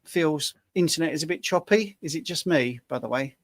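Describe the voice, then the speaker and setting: A man's voice: a little high, fairly quick, dry recording. A man in his sixties on a video call, explaining at length in a rambling, anecdotal way as co-host of a live Q&A. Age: 60s. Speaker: co-host answering questions. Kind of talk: casual live Q&A chat.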